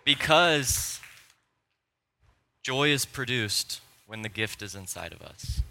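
Brief: male pastor preaching in church, bright tone, playful, geeky, excitable. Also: medium pitch, slow pace, gravelly. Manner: playful, excitable, self-deprecating, nerdy enthusiasm. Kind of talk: sermon. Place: church sanctuary.

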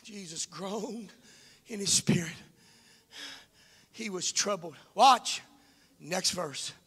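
A high-pitched, gravelly male preacher with a husky edge. He moves in a sing-song preaching cadence, dropping to near whispers and rising to shouts. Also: slow. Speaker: pastor. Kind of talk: sermon.

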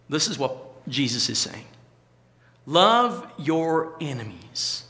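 A man preaching a sermon to his church congregation, with an emphatic delivery that slows down on key phrases. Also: a little high, big pitch swings, pushed and bright, big-room sound. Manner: emphatic, varied delivery with slow stressed phrases. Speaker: pastor. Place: church hall.

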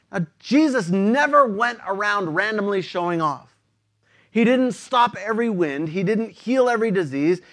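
A man preaching a sermon in a casual, conversational way, using slang and often repeating words. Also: high-pitched.

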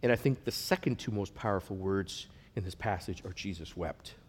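A man preaching a sermon, earnest, rising to loud emphatic passages and dropping to a near hush. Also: on the low side, a little fast, a little hiss or hum. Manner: earnest, swells loud then drops to a hush. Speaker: pastor.

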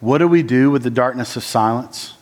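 A man preaching a sermon with frequent "uh" and "like" fillers, who moves between raised, urgent lines and low, slow, quiet ones. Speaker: church planting resident preaching. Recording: long church-hall reverb.

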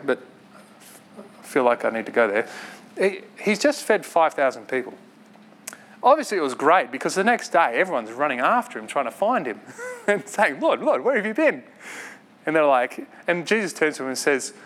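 A man preaching a sermon in an earnest, conversational way, with quick asides and light laughs. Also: fairly high pitch, a bit bright, slight background noise.

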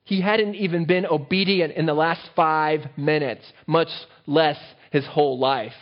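This pastor's voice runs on the high side, with fairly even intonation and an unhurried pace. He preaches engagingly and often asks his audience rhetorical questions. It was captured on a dull, lo-fi track.

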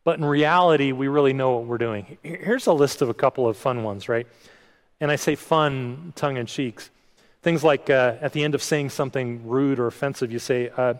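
A middle-aged male pastor gives a sermon in a chatty, self-deprecating manner, stumbling over his words now and then. His voice sits at an ordinary pitch. It carries a long reverb, as if spoken in a large hall. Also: fairly quick. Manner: conversational, self-deprecating, frequent restarts and quoted asides.

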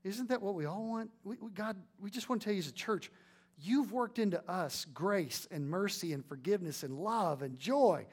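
A man's voice: sits high, lively intonation, moderate pace, slightly rough. A man preaching a sermon with emphatic delivery and many rhetorical questions, then leading a prayer.

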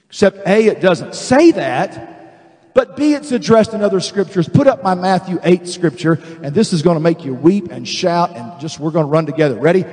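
A man preaching a fervent sermon, calling out to the congregation, repeating words and stretching key phrases slowly. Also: high voice, lively intonation, a little mellow. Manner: repeats words and restarts, drawn-out slow emphasis. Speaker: pastor. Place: large church sanctuary. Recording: long reverb of a large hall.

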